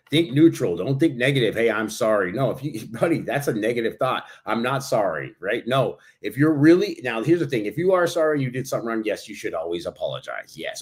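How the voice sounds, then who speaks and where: A man co-hosting a podcast, explaining advice in a calm, coaching way. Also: medium pitch. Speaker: podcast co-host and consultant trainer. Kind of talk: casual podcast chat.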